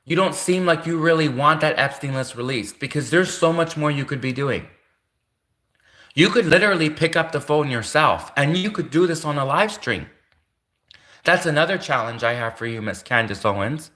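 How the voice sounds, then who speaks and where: Over and over, this livestream host turns to the person he's calling out, ranting in a casual, repetitive way. His fairly high voice is animated and sharp, at a normal speed.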